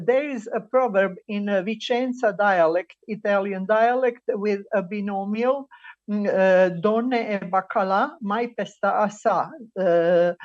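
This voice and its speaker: A woman speaking at a mid pitch gives an online academic presentation. She moves through her examples haltingly, pausing on fillers as she reads each quote. Her voice comes over a slightly muffled video-call line. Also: a little mellow. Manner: halting, many filler pauses while reading quotes. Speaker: conference speaker.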